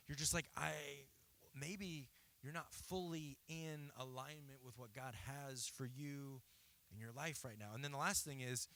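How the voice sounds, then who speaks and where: A man's voice: on the high side, pushed and bright. A man in his thirties preaching a sermon in a church, telling stories in a conversational way and often checking in with "right?". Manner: conversational storytelling with frequent "right?" asides. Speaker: pastor.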